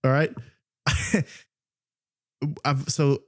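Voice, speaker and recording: A man's voice: mid-range voice, flat delivery, extremely slow, a bit bright. A young man co-hosting a podcast, telling stories in casual chat, often laughing and mimicking a voice assistant. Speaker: podcast co-host.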